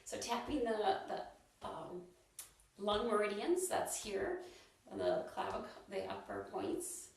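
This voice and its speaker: A woman leading a free online movement class, chatting casually with many ums and restarts between gentle instructions. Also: medium pitch, huge pitch swings, slow pace, very echoey, far from the mic. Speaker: movement and wellness class leader.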